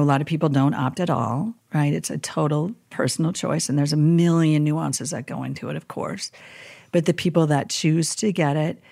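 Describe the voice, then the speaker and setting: A woman chaplain telling stories in a casual podcast interview, animated and acting out the people she quotes. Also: deep voice, creaky, no room sound, studio quality. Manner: animated storyteller who acts out quoted people.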